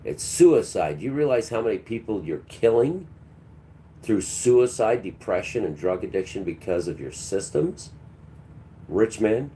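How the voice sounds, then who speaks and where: A man's voice: lowish voice, very animated, measured pace, dark tone. A man hosting a livestream, delivering a preachy, combative monologue and talking back to his chat. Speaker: livestream host.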